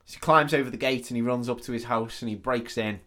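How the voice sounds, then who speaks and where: A man's voice: medium pitch, a bit bright. Man rambling through a film plot. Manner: rambling, sweary storytelling with quick acted-out quotes. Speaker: podcast co-host. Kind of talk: casual chat retelling a film plot.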